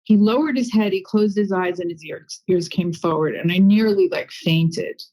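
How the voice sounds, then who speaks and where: A woman guest on a podcast, telling a personal story in a chatty, animated way with lots of asides. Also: fairly low pitch, normal speed, low-quality recording. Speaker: guest medium and intuitive healer. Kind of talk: casual interview storytelling.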